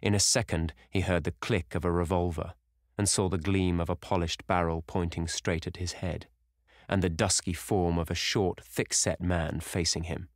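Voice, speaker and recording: Deep-voiced man narrating a classic novel. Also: level tone, moderate pace, no room sound, clean studio sound. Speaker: audiobook narrator.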